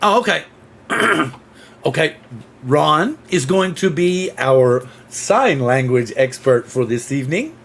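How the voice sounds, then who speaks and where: Gravelly, bright-voiced man hosting a livestream. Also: fairly high pitch, animated, slow. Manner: rambling, chatty, greets viewers by name. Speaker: host. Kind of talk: casual livestream chat.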